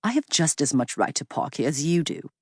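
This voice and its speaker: A woman's voice: sits low, sing-song, a little fast, a little mellow, slightly rough, no echo, clean studio sound, exaggerated voice. Woman voicing a curt, surly English man. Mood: curt, dismissive.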